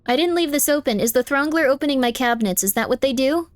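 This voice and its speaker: A high-pitched woman streamer chatting while she games, playful and teasing, repeating her denials again and again. She jumps into squeaky protests now and then. Her voice sits on a close mic in a dry, dead-sounding space. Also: lively intonation, fast talker, dry recording. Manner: playful, teasing, insistent, repeats phrases over and over. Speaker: live streamer. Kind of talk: casual live-stream chat while gaming.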